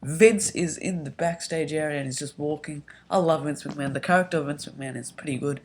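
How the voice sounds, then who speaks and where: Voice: medium pitch, brisk, slight background noise. Rambling YouTuber recapping a wrestling show. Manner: rambling, hesitant, heavy on um and like; excitable, gets loud when worked up. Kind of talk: casual spoken show recap.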